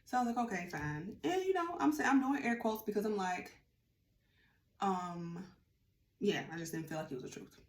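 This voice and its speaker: A woman vlogger telling a casual storytime, chatty and animated, acting out what others said. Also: medium pitch, moderate pace, long pauses. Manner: chatty, animated, acts out quotes. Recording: roomy room with faint ambience.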